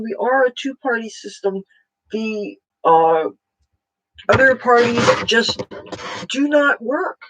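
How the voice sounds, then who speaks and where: Slow, rambling political vlogger. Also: mid-range voice, poor audio. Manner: rambling, halting, many fillers and restarts. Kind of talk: casual political monologue.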